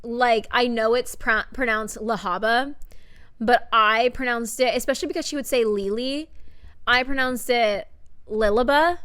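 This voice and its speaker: A woman's voice: on the high side, moderate pace, smooth. A young adult woman co-hosting a podcast, chatting animatedly about books with many fillers. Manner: animated, lots of fillers and retold quotes. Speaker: podcast co-host. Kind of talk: casual book chat.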